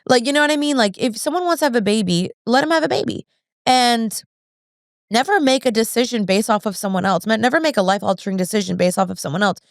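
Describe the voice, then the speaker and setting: A woman's voice: on the high side, animated, quick pace, gravelly, dry recording, studio quality. A woman in her thirties hosting a podcast, talking in an earnest, chatty way with lots of fillers. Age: 30s. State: pregnant. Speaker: podcast host. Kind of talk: casual chat.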